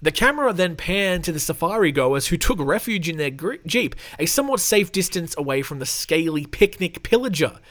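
A man's voice: fairly high pitch, animated, brisk, few pauses, fairly bright tone. An Australian man hosting a podcast, reading news stories aloud with sarcastic, rambling asides and casual swearing. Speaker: podcast host.

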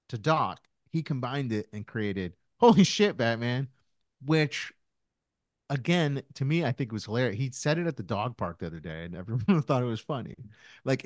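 A man's voice: mid-range voice, no echo, studio quality. A man in his thirties, a podcast co-host, chatting casually and telling rambling stories full of fillers and restarts. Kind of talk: casual chat.

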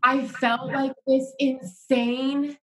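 A woman's voice: high-pitched, level tone, extremely slow, a bit bright, slight background noise, rough recording. An American woman chatting casually as a podcast co-host, rambling with lots of "like" fillers. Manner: rambling, heavy use of "like" fillers. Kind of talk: casual chat.

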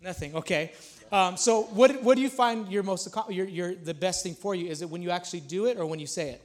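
A man's voice: high-pitched, fast. A man in his thirties, a pastor preaching a casual, conversational sermon in a small church, repeating phrases as he builds to emphatic points. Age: 30s.

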